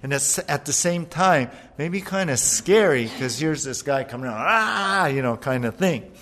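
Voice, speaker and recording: A man preaching a sermon as pastor, animated, acting out voices as he retells a passage. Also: mid-range voice, moderate pace, a little hiss or hum. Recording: long hall reverb.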